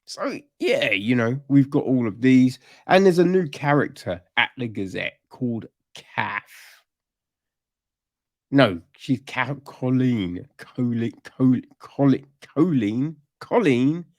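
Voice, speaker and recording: A man's voice: mid-range voice, animated, takes it slowly, no room sound. A man hosting a podcast, reviewing a TV series in a rambling, casual way that turns into exasperated, swearing rants.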